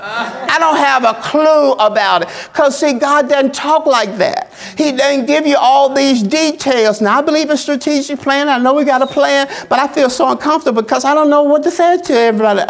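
A man's voice: very high voice, fairly quick, hardly any pauses. A man preaching a sermon as pastor, in a colloquial, folksy style, repeating phrases in a call-and-response cadence.

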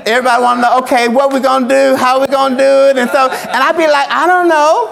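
A man's voice: extremely high pitch, flat delivery, fast, creaky, a bit bright. A man preaching a sermon as pastor, in a colloquial, folksy style, repeating phrases in a call-and-response cadence.

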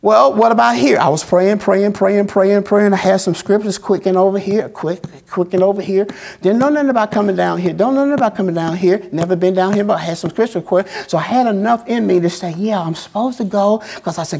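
A man's voice: high-pitched, brisk, creaky, darkish tone. A man preaching a sermon as pastor, in a colloquial, folksy style, repeating phrases in a call-and-response cadence.

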